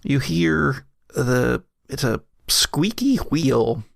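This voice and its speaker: Guy running a horror tabletop game, slow and gravelly, dry close sound. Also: mid-range voice, animated, no echo. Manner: measured, halting, vivid description. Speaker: game master.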